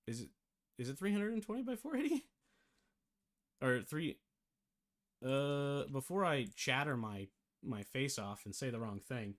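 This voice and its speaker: A man talks through a software tutorial in a loose, casual way, thinking aloud and catching his own slips. His voice sits at an ordinary middle pitch. He has the hiccups. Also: big pitch swings, measured pace, pauses often. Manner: rambling, self-correcting, thinks aloud. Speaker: game development tutor. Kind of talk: casual screen-share tutorial.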